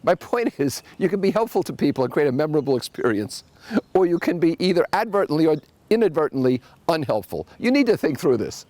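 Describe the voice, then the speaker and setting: A man with a slightly high voice hosts his own podcast, swinging his pitch widely as he spins wry little anecdotes. The sound is close and dry, with no room around it. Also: brisk, no echo. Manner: wry, storytelling, animated asides. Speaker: podcast host. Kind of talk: solo podcast monologue with anecdotes.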